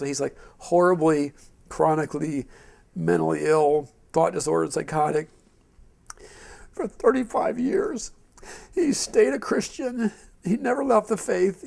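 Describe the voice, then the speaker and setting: A man's voice: a little high, creaky. A middle-aged man teaching a Christian seminar in an informal, rambling way, telling stories and acting out the quotes in a raised voice. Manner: animated storyteller who acts out quotes in a raised voice; rambling and conversational, with frequent restarts.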